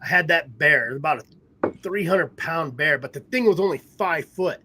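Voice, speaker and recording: High-voiced man telling hunting stories. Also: normal speed, noisy background. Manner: rambling storyteller, laughs often. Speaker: podcast host. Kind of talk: casual chat. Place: at home in a trailer.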